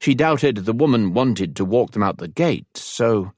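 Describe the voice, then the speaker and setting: A man narrating an audiobook in measured, even storytelling. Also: fairly low pitch, no echo, clean studio sound. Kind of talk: scripted narration.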